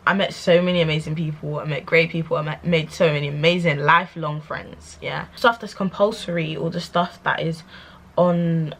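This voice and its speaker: A young woman ranting to camera as a vlogger, sassy and animated and laughing often. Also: low-pitched, a little hiss or hum. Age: young adult. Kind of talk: candid rant to camera.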